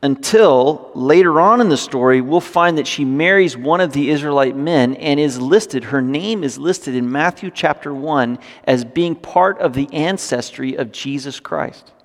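A man delivers a sermon with a fairly high-pitched voice. He moves between scripture reading and animated, jokey asides. His voice rings through a church hall with a long echo. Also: a little slow, few pauses. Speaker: pastor.

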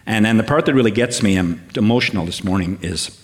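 Older guy preaching in church, lowish voice, stops and starts, warm and earnest. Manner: warm, halting with fillers and restarts, builds up with lists. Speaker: guest preacher. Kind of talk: sermon.

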